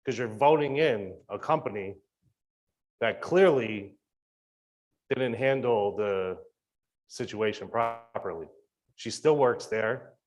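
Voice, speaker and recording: A man's voice: fairly low pitch, takes it slowly, pauses often, rough recording. A man asking the board confrontational questions during public comment at a school board meeting. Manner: confrontational, questioning, with fillers and restarts.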